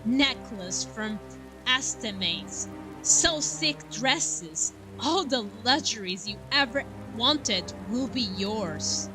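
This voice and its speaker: A woman's voice: fairly high pitch, lively intonation, slow, low-quality recording. A woman voicing a stern, protective older sister, scolding and earnest, over game music.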